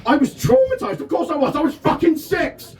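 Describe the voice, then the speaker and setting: A man in his thirties from Devon performing a self-deprecating stand-up set at a festival tent, often shouting his punchlines. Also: extremely high pitch, sing-song, a little fast, far from the mic, faint music behind. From England (Devon). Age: 30s. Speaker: stand-up comedian. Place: festival tent with a live audience.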